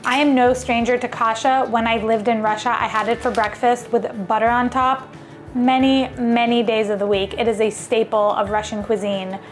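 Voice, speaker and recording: Soft music sits behind a woman whose voice is on the high side, her delivery flat and her pace moderate. She hosts a relaxed cooking vlog from her home kitchen, chattering enthusiastically and thinking aloud while she cooks.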